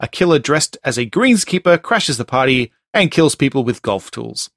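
This man's medium-pitched voice is sing-song and a bit bright, recorded at studio quality with no echo. Joking and laughing often, he hosts a casual movie tagline quiz on a podcast and reads the taglines in a slow, dramatic voice.

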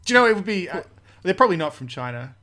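A man's voice: high-pitched, very animated, very fast, pushed and bright. A man co-hosting a casual podcast, joking, laughing often and trailing off in hesitations. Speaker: podcast co-host. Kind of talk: casual chat.

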